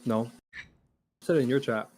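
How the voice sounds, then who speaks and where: Mid-pitched voice, laid-back, dry remarks, casual voice chat. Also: a little slow, darkish tone.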